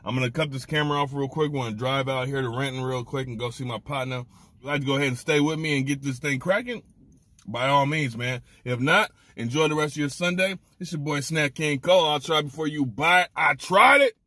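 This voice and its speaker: A man's voice: medium pitch, a little fast, fairly bright tone, dry recording. A man hosting a casual snack review vlog, talking with slang and open emotion. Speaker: food reviewer host.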